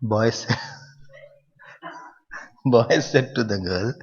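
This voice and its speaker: A man, a swami giving a spiritual discourse in an animated manner. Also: medium pitch, drawn-out words, pauses often, breathy edge. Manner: animated, acts out quoted scoldings, chuckles at his own jokes. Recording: muffled recording in a reverberant hall.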